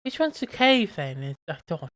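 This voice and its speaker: A man's voice: high-pitched, big pitch swings, fairly quick, a bit bright, no echo. A man co-hosting a casual podcast chat, rambling with fillers and easy laughs. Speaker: podcast co-host.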